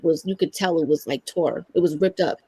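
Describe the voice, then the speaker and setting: A woman's voice: sits low, fairly quick, slightly rough, no room sound, rough recording. A woman in her thirties, candidly telling a personal story as a podcast guest and acting out the lines people said to her. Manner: candid, animated storytelling that acts out quoted lines.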